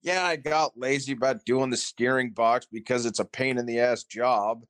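A man sharing car experience in relaxed, matter-of-fact casual chat. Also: medium pitch, moderate pace.

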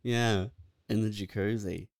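A man's voice: lowish voice, steady tone, measured pace, vocal fry. A man co-hosting a comedy podcast in casual banter, laughing often and giving short dry replies. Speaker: podcast co-host.

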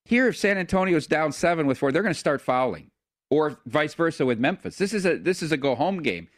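A man's voice: fairly high pitch, lively intonation, fairly quick, no room sound, studio quality. A man hosting a casual sports betting chat, easygoing as he leads the segments. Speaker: sports betting show host.

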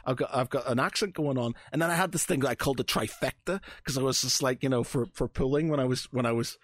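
A Northern Irish man chats on a podcast as co-host, piling up fillers as his stories ramble on. His voice sits in an average pitch range and sounds dry and close, with no room around it. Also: fast talker, no echo. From Northern Ireland. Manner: rambling, animated storyteller with frequent fillers. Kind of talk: casual chat.

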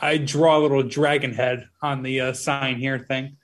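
A man's voice: mid-range voice, level tone, normal speed. A man hosting a casual podcast, rambling, laughing and swearing freely. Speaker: podcast host.

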